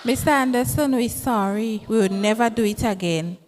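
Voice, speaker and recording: A woman's voice: fairly high pitch, moderate pace, a little mellow, lightly acted. A woman as a whiny little girl. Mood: begging. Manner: whiny, pleading. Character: younger schoolgirl, pleading. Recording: noisy distant stage mic.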